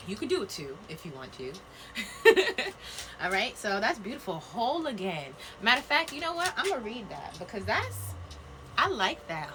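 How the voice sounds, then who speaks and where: Bright-voiced, chatty woman reading cards. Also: medium pitch, big pitch swings, fairly quick, slight background noise. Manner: chatty and playful, laughs often, slangy asides to viewers. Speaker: spiritual card reader. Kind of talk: casual live-stream card reading. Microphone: phone live video.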